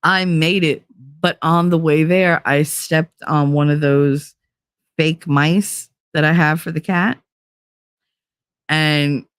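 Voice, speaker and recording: A woman with a low, clean voice hosts her own stream and tells a story casually, swearing freely and acting out what people said. She's animated throughout. The recording is dry and studio quality.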